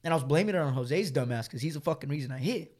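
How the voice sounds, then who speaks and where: A man's voice: fairly high pitch, expressive, rapid-fire, darkish tone. A young man telling a story to friends in casual chat, swearing often and using lots of fillers, laughing as he goes.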